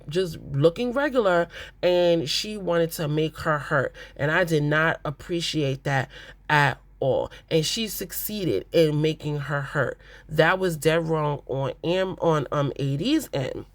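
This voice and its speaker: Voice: medium pitch, a little slow, dry recording. An adult host giving a casual, opinionated recap of a reality show in a blunt, exasperated way.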